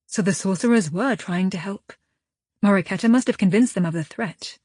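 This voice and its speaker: A woman reading a paranormal romance audiobook in first person, with even, unhurried storytelling. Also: medium pitch, breathy edge, no echo, studio quality. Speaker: audiobook narrator. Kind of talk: scripted first-person narration.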